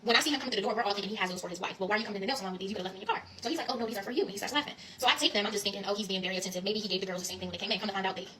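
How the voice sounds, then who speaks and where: A young woman in her twenties tells a story in a casual, animated way. She talks very fast and stresses her points, often turning straight to her listeners as she goes. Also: mid-range voice, crowd noise, low-quality recording. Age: 20s. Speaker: guest storyteller.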